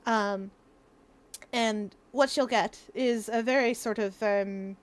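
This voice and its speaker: A woman's voice: on the high side, fairly even intonation, slow. A young woman streaming from home, chatting casually and explaining things at length, laughing often. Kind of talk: casual livestream chat.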